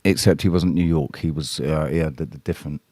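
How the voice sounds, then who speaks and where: A man's voice: a bass voice, steady tone, brisk, mellow, no room sound, studio quality. A man chatting casually on a live stream, rambling and blunt, swearing freely and talking straight to his viewers. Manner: addresses chat viewers directly. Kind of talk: casual livestream chat with viewers.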